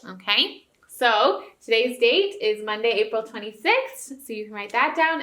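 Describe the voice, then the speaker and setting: A woman's voice: a little high, bright, forceful tone. A woman teacher giving a recorded spelling lesson to young students, patient and encouraging, often checking in with "okay?". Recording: roomy echo.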